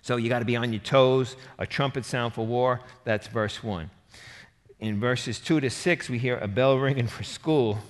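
A man preaching a sermon, animated and emphatic, rising to forceful bursts. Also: medium pitch, normal speed. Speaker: pastor. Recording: reverberant hall.

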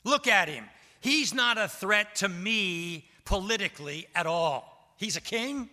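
A man voicing a scornful male Roman governor, speaking loudly and dismissively in a sermon. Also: high voice, lively intonation, unhurried, exaggerated voice. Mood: blustering. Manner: loud, emphatic and dismissive. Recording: long hall reverb.

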